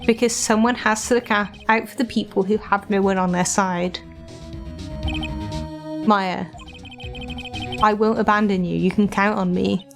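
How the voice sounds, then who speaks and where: A woman's voice: mid-range voice, steady tone, a little slow, vocal fry, long pauses, over music. Woman reading as a earnest young lawyer. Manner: earnest, thoughtful inner monologue. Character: determined young male defense lawyer.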